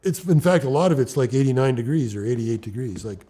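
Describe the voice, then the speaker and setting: A middle-aged man from Ontario, Canada, telling climbing stories in an animated, restart-heavy way as an interviewee. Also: mid-range voice, fairly quick, hardly any pauses, slightly rough. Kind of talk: animated storytelling.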